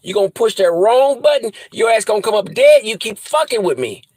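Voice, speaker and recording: Male vlogger, high voice, dry room, angry threatening rant full of repeated insults. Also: lively intonation, fairly quick, a little mellow, no room sound, rough recording. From US Midwest.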